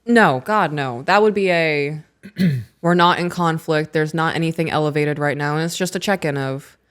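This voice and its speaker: A woman in her thirties co-hosting a podcast, chatting casually, reading aloud from a book and acting out what people said in animated stories. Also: deep voice, moderate pace. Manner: animated storyteller who acts out quotes. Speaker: podcast co-host.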